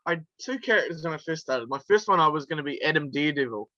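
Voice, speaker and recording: A man's voice: fairly high pitch, animated, quick pace, sharp tone, no room sound, muffled recording. A male wrestler from New telling stories in a casual interview, chatty and laughing through his anecdotes with plenty of fillers. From New Zealand.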